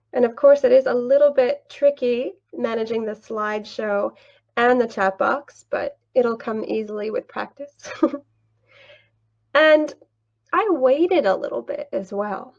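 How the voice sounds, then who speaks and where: Slow, gravelly-voiced woman teaching online. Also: fairly high pitch, highs cut off. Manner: slow, patient, with light laughs. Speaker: English teacher trainer. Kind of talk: screen-share tutorial, mock class.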